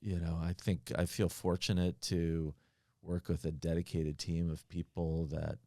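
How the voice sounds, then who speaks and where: A man with a low voice speaks in a podcast interview, answering earnestly but haltingly, full of fillers and restarts. His voice is recorded dry and close, with no room sound. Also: flat delivery, mellow, no echo. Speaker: pharmaceutical executive.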